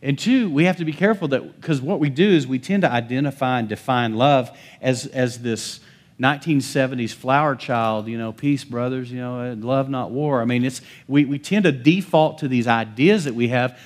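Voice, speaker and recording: A man's voice: medium pitch, normal speed. Emphatic male pastor preaching. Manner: emphatic, swings between bold calls and hushed asides; calls out to the congregation for amens. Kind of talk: sermon.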